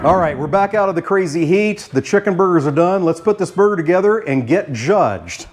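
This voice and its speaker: An older man walks viewers through a recipe in a relaxed, folksy way. His voice sits a little high for a man, and he is easygoing, jokey and sprinkled with "uh"s. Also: fairly quick, slight background noise. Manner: folksy and jokey, with frequent "uh" fillers. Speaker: cooking show host. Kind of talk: casual cooking narration.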